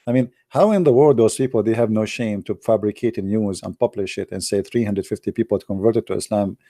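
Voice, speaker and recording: A man's voice: lowish voice, brisk, warm tone, no echo, studio quality. A man from the Arab world giving casual joking commentary with teasing asides. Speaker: vlogger.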